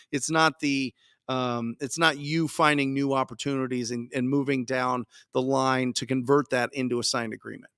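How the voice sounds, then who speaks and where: A man hosting a live Q&A, coaching his listeners in an energetic, emphatic way and repeating his key points. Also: mid-range voice, smooth, no echo, studio quality. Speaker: podcast host and wholesaling coach.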